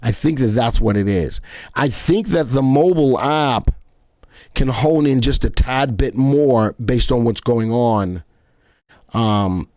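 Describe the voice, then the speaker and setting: A man's voice: medium pitch, a little mellow, no room sound, studio quality. A man hosting a live stream, chatting with viewers in a playful way and often stammering and repeating himself. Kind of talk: casual live market chat.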